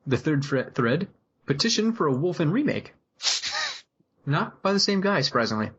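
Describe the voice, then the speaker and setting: A man co-hosting a comedy podcast, reading movie quotes and comments in a dry, deadpan way. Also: a little high, moderate pace, dull audio, a little hiss or hum. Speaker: podcast co-host. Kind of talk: casual comedic chat, reading quotes aloud.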